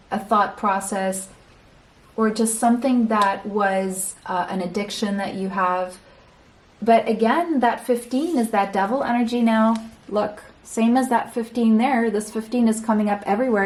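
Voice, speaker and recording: A woman's voice: mid-range voice, a little mellow. A woman giving a pick-a-card tarot reading, chatty and speaking straight to the viewer, often correcting herself as she goes. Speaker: tarot reader.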